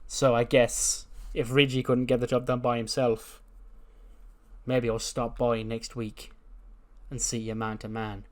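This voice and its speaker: A man voicing a gruff male wrestler who calls out a rival in a rough, casual way. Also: mid-range voice, level tone, a little slow, close to an everyday voice. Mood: challenging. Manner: rough, casual challenge, repeats "fella".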